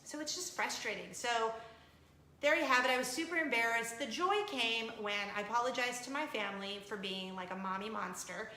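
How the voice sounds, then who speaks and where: A woman's voice: fairly high pitch, brisk, pushed and bright, reverberant, slight background noise, low-quality recording. A woman, hosting a vlog and telling a personal story in a chatty, confessional way, laughing as she goes. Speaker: vlog host. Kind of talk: casual storytelling to camera.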